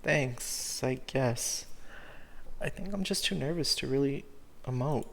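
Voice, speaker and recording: A nervous, frightened young man from a story game, read out by a man. He speaks shakily and stammers, in a faintly gravelly voice. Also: mid-range voice, slow, a bit bright, big-room sound. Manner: shaky, stammering.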